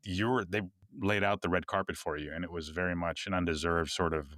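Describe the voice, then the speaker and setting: A man's voice: low-pitched, fairly even intonation, fairly quick, a bit bright, dry recording, studio quality. Laid-back chuckling Texan man. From Texas. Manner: rambling with many restarts, chuckling asides. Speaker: podcast co-host. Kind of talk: casual conversational podcast.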